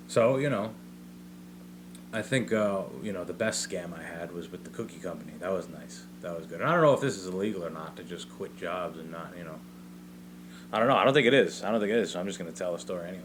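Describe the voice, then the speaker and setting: A young man talks alone into a mic in a home basement, telling a rambling, profane story and tagging his points with "right?". His voice sits very low and easygoing. A faint hum runs underneath. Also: fairly bright tone. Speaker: podcast host. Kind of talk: solo comedic podcast monologue.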